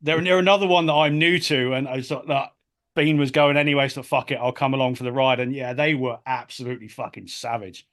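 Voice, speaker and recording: A man hosting a podcast, talking in a mid-pitched, ordinary voice. He chats casually and bluntly, with swearing scattered through his talk. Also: fairly even intonation, a little fast, a bit bright. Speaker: podcast host. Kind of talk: casual interview chat.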